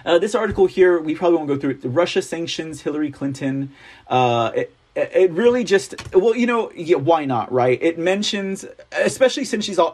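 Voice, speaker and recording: A man with a slightly husky, fairly high voice hosts a casual news commentary show. He reads articles aloud and drifts into rambling, wry asides, chuckling at his own jokes. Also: lively intonation, fairly quick, a little mellow.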